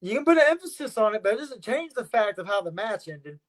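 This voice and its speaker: A man with a notably high speaking voice guests on a podcast as a wrestler. He talks trash with cocky confidence, hammering the same points again and again. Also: big pitch swings, quick pace. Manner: boastful trash talk, repeats his points. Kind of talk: casual podcast interview.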